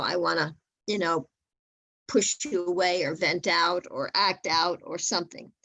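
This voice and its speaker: A woman's voice: fairly low pitch, normal speed, fairly bright tone, no room sound. Earnest woman giving a talk. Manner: earnest, repeats words when restarting. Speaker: guest speaker on parenting. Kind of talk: webinar talk.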